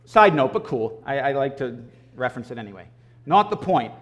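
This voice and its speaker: A man giving a conversational sermon, animated and storytelling, often clearing his throat. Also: mid-range voice, brisk. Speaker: preacher.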